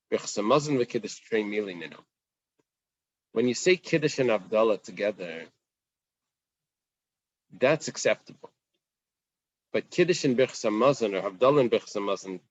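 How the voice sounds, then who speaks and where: A man's voice: lowish voice, dull audio. A man teaching a casual Talmud class, talking things through and acting out the questions in the text. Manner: conversational, animated, acts out the Gemara's questions.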